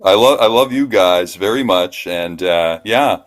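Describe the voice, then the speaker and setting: A man's voice: low voice, a little slow. A man calling in as a guest, friendly and ribbing the hosts in casual chat. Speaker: caller guest.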